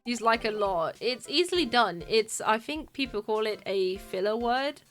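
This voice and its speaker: A woman's voice: fairly high pitch, lively intonation, moderate pace, a bit bright, faint music behind. A woman streamer chatting casually with her viewers and reading game text aloud, giggly and friendly. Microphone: desk mic, live stream.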